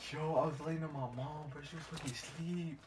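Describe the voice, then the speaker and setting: A man streaming a game from home at night, talking in slang, getting excited and yelling trash talk at the game. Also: fairly high pitch. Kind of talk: casual gameplay commentary. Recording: distant mic with steady background noise.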